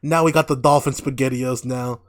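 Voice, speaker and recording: A man's voice: mid-range voice, normal speed. A man hosting a podcast, recapping a show in casual, profane talk full of laughter. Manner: profane, laughing, animated storytelling. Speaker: podcast host.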